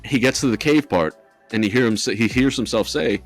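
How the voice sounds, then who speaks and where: A man's voice: mid-range voice, moderate pace, soft background music. A man co-hosting a podcast, telling a ghost story in rambling casual chat with lots of swearing and fillers. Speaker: podcast co-host.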